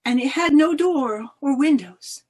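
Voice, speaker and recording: A woman telling a folk tale over a video call, expressive, with dramatic swings of loudness. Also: high voice, unhurried. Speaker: storyteller. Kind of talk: oral folk-tale storytelling.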